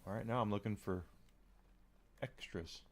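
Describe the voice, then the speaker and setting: A man's voice: lowish voice, normal speed, slight background noise. Male game streamer, casual joking commentary with rambling asides.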